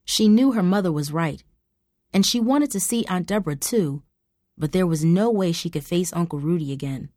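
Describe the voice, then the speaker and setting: A woman reading a story aloud as narrator, steady and even. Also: on the low side, normal speed, no room sound, clean studio sound.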